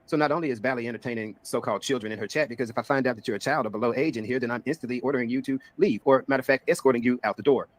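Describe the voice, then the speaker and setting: A man's voice: medium pitch, rapid-fire, few pauses. A man hosting drama commentary, replaying clips and explaining with sarcasm. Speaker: commentary streamer.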